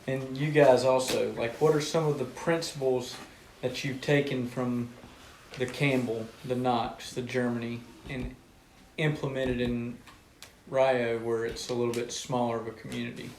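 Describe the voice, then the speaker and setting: A man's voice: mid-range voice, flat delivery, unhurried, gravelly, roomy sound, slight background noise, poor audio. A man in a small group asking a question in a hesitant, searching way.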